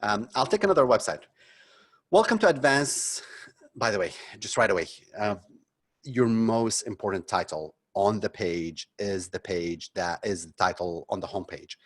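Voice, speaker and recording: A middle-aged marketing consultant runs a live webinar, giving frank, conversational critiques with plenty of ums and restarts. His voice is lowish and animated at a moderate pace.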